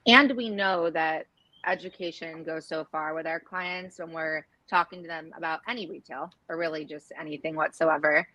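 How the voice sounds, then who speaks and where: A woman's voice: deep voice, steady tone, normal speed, pushed and bright, poor audio. A woman interviewing a guest, encouraging and asking practical follow-up questions. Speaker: interviewer, editorial director.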